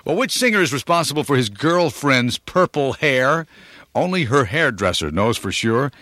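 A man's voice: mid-range voice, animated, moderate pace, sharp tone, dry recording, clean studio sound. A man hosting a radio countdown, chatting playfully and teasing callers. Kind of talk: upbeat radio DJ patter.

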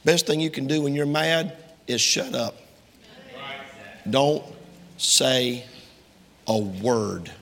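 A man delivers a sermon with a gravelly, creaky edge to his mid-pitched voice. He stresses King James verses and speaks straight to the congregation. His words ring out with the long echo of a church hall. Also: takes it slowly, pauses often, fairly bright tone. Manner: emphatic, quotes King James scripture; addresses the congregation directly. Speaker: preacher.

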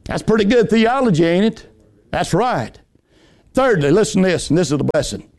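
A man preaches a fervent sermon in a notably high voice. He tells folksy stories, rising to ringing emphatic peaks and dropping to hushed, low passages. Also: very animated, normal speed. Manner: impassioned, swinging between high emphatic lines and low hushed ones; folksy storytelling with homespun anecdotes.

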